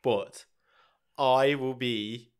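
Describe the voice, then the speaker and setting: A man co-hosts a chatty podcast while fighting a cold, his voice husky and congested. He trades dry, playful banter at a middling pitch. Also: steady tone, extremely slow. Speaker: podcast co-host. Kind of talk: casual chat.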